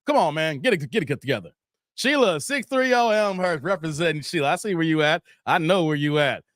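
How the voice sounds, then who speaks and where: A man's voice: fairly high pitch, lively intonation, fairly quick, fairly bright tone, no room sound, clean studio sound. Laid-back man hosting a stream. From Chicago area. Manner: laid-back, playful, trash-talking banter. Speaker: live stream host. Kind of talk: casual live stream chat reading comments.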